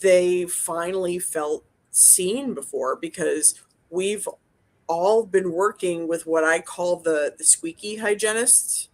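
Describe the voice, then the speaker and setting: A woman's voice: on the low side, slow. A woman, a dental hygienist, chatting casually as a podcast co-host, blunt and profane, rambling with lots of restarts. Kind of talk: casual chat.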